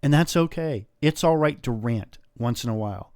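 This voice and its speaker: A man's voice: medium pitch, lively intonation, moderate pace, darkish tone, dry recording, clean studio sound. A man hosting a podcast, giving a blunt motivational monologue with casual swearing. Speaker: podcast host.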